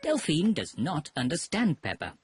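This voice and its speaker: A narrator giving scripted, storybook-style narration for a children's cartoon. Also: female voice, low-pitched, huge pitch swings, normal speed. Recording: loud music underneath.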